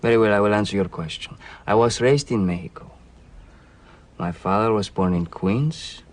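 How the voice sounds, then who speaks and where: A man's voice: lowish voice, moderate pace, lightly acted. An actor playing a formal young man who claims noble roots, speaking in a stately manner.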